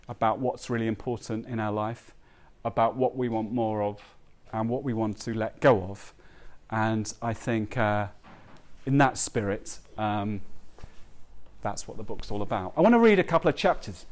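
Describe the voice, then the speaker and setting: A man addressing a live audience at a book launch. He speaks at a middling pitch, earnestly and haltingly, with frequent ums and restarted phrases. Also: darkish tone. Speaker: author giving a talk. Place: live event before an audience.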